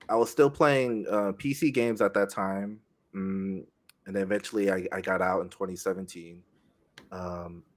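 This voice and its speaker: Laid-back low-voiced man, full of ums. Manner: easygoing, many ums and uhs. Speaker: guest streamer. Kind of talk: casual interview chat.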